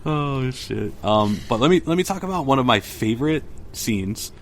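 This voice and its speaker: A man's voice: medium pitch, animated, normal speed. A young adult man hosting a pop culture podcast, talking casually with frequent fillers and reading film dialogue aloud. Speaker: podcast host.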